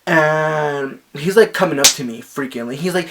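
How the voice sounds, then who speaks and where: A young man telling a story casually, animated and gossipy, filling his talk with "like" and acting out the quotes loudly. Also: normal speed, hardly any pauses, noisy background. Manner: animated, acts out quotes with sharp jumps in pitch and volume; gossipy, frequent "like" fillers. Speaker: vlogger.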